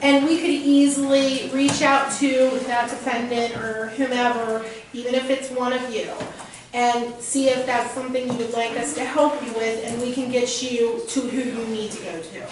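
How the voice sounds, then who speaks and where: A woman's voice: a little high, steady tone, normal speed. Reassuring woman in an echoey hall. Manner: reassuring, offering help. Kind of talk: informal talk to a group. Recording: echoey room from far off with noise.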